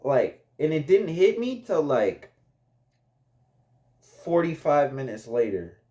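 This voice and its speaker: A man's voice: on the high side, very animated, slow pace, dark tone. Laid-back young man telling a story. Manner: laid-back, chatty, laughs often, addresses viewers as y'all. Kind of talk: casual storytime.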